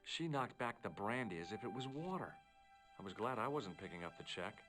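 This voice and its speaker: An actor with an American accent voicing a laid-back tourist hero who narrates with dry, wry wit in a 1990s point-and-click game. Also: male voice, lowish voice, animated, brisk, music in the background, natural voice. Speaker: player character and narrator.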